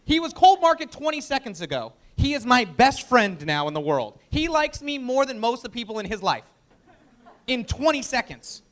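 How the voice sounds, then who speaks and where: A man presenting a live sales training workshop, energetic and emphatic, often quizzing the audience. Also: very high-pitched, moderate pace.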